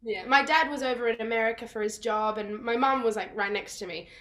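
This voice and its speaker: Young actress, bright-voiced and bubbly, chatty guest over video call. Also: female voice, fairly high pitch, brisk. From Australia. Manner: bubbly, laughing storyteller. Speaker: guest, musical theatre actress. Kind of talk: casual interview chat.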